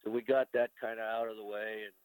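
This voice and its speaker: Older American man, very low voice. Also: level tone, quick pace, smooth, no echo, poor audio. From United States. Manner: candid and emotional, with casual swearing. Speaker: veteran telling his story. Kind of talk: emotional storytelling in conversation.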